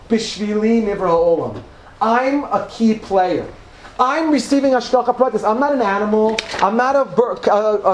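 A man with a fairly high voice delivers a Torah lecture to a live audience. He speaks conversationally and with emphasis, often doubling words to drive a point home. The room is echoey, with a faint hum of background noise. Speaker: rabbi teaching a class.

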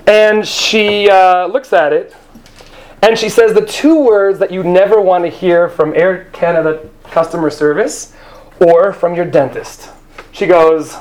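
A man's voice: high-pitched, a little slow, a little mellow. A man telling a comic story on stage into a handheld microphone, rambling and self-deprecating, often jumping into put-on voices.

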